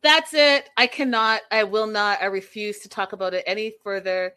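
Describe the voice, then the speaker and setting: A woman's voice: medium pitch, flat delivery, a little fast, sharp tone, smooth. A woman hosting a reaction show in casual commentary, speaking emphatically and with exasperation, repeating her points.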